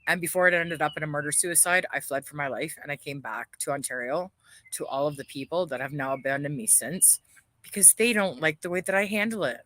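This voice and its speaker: A woman's voice: low voice, brisk, a bit bright. Bitter, swearing woman ranting on a livestream. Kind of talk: angry livestream rant.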